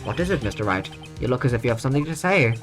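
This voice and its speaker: A woman voicing a stern old male judge, speaking in a slow, formal, grave manner, reading a courtroom video game aloud on a stream. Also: extremely low pitch, animated, faint music behind. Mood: probing.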